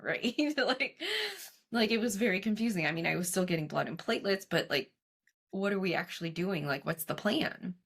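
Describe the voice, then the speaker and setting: A woman's voice: medium pitch, moderate pace, a bit bright. A young adult woman, a guest on an interview show, telling her story casually and animatedly, acting out what others said and laughing often. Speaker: guest, cancer survivor and coach.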